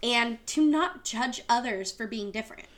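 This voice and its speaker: A woman's voice: on the high side, normal speed. Upbeat woman co-hosting a theater podcast. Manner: enthusiastic, agreeable, playful. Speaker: podcast co-host. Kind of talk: casual theater review chat.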